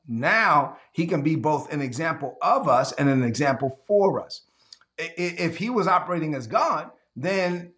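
A man's voice: fairly high pitch, fairly bright tone. A man preaching and teaching an online sermon, often repeating phrases and urging listeners to say lines aloud or type them in the chat. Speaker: pastor.

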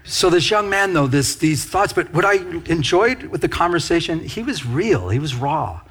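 A male pastor giving a conversational sermon. He is animated and speaks straight to his congregation, with frequent asides to them. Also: on the high side, normal speed, slightly rough.

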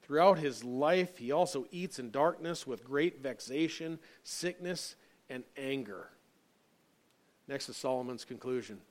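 A man's voice: mid-range voice, a little slow. A male pastor giving an earnest sermon, reading scripture and building to emphatic points with frequent fillers.

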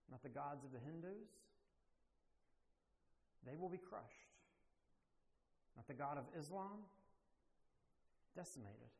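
A man preaching a sermon as pastor, emphatic and deliberate, with slow pauses that build to forceful declarations. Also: on the high side, big-room sound.

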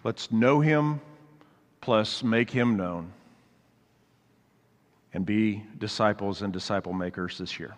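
A man's voice: fairly low pitch, slow, pauses often. A man preaching a sermon, earnest and exhorting, repeating phrases for emphasis, then leading a prayer. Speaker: pastor. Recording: long reverb of a large hall.

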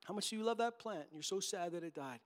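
Male preacher as God, patient and reasoning, raised pitch, unhurried. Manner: calm, questioning, reasoning.

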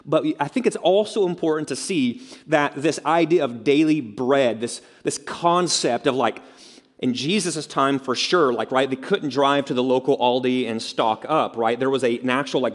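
Pastor, male, mid-pitched voice, chatty sermon delivery, long hall reverb. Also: moderate pace. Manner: conversational preaching with asides and rhetorical questions.

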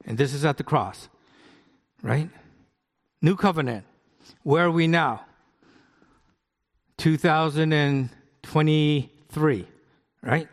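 Middle aged pastor from the us chatting thru a sermon, bit high voice, long hall echo. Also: male voice, takes it slowly, long pauses. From United States. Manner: conversational, asks the congregation questions. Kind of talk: sermon with live demonstration.

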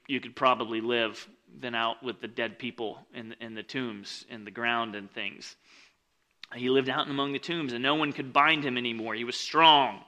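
A man with a bright tone gives a casual sermon, reading scripture and explaining it. He's conversational, sprinkling in "like" and "right?", and swings from loud, emphatic reading to quiet, lowered asides.

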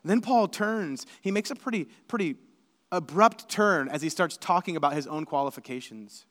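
A male pastor preaching a sermon, animated and building to emphatic, shouted lists. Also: a little high, moderate pace, in a large hall.

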